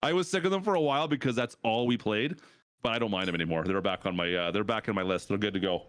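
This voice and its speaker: A Canadian man in his thirties, a streamer rambling casually with his chat, his pitch jumping up for reactions. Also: fast talker, fairly bright tone, dry recording, studio quality. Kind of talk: casual chat with chat while gaming.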